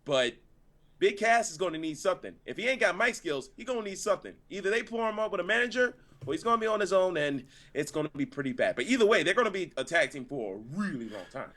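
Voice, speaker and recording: Brief: male co-host, high lively voice, joking rants on last night's wrestling. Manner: laughing, animated, drawn-out rants. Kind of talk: casual review chat.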